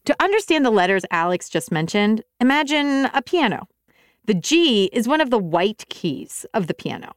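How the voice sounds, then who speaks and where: A woman's voice: a little high, very animated, normal speed, dry recording, clean studio sound. A woman hosting a music lesson for kids, encouraging viewers at home to sing along. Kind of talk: upbeat kids' music lesson.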